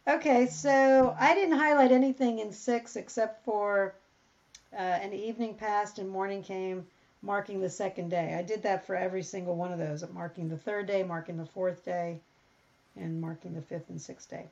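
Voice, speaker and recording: On a muffled recording, a Bible study co-host talks through a passage in casual discussion, reading verses aloud and thinking out loud. Her voice is mid-range at a moderate pace, and she grows animated when something surprises her.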